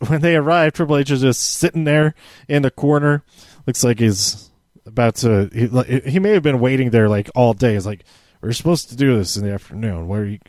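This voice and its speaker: A man's voice: medium pitch, a little mellow, no echo. A man casually reviewing a wrestling episode from handwritten notes, rambling with many fillers and restarts.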